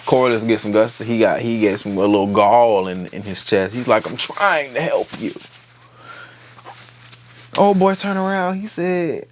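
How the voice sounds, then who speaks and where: Profane, animated man recapping a TV episode. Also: lowish voice, normal speed, few pauses, slight background noise. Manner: animated, profane, acts out quotes. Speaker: TV episode reviewer. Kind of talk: casual recap chat.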